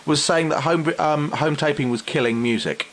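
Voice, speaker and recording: Blunt, sweary podcast host. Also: male voice, a little high, moderate pace, a bit bright. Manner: blunt, sweary, stammering restarts. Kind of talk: casual chat.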